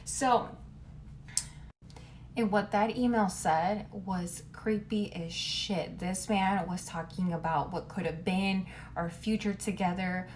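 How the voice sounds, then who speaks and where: A woman's voice: mid-range voice, steady tone, slow, slight background noise. A young woman telling a dating story in a casual, rambling way, swearing often and filling her speech with "like.". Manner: rambling, profane, lots of "like".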